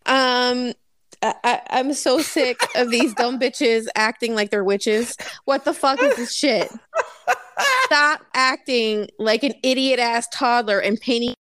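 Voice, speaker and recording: A woman's voice: on the high side, a bit bright, no room sound. A woman co-hosting a casual podcast, ranting with sarcasm and heavy swearing. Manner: profane, sarcastic ranting with frequent laughter. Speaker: podcast co-host.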